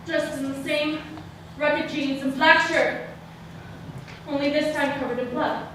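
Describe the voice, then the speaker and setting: A young woman performing a solo stage monologue, dramatic, moving between hushed and shouted lines, recorded live from a distant mic on a theater stage. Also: sits high, steady tone, unhurried, background noise. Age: young adult. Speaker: student performer. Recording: echoey hall sound from a distant mic.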